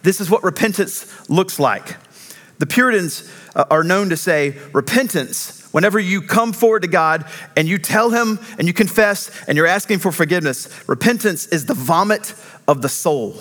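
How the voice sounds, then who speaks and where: A man preaching a sermon in an earnest, emphatic way, slowing down on key phrases. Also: high voice, animated, a bit bright. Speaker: pastor.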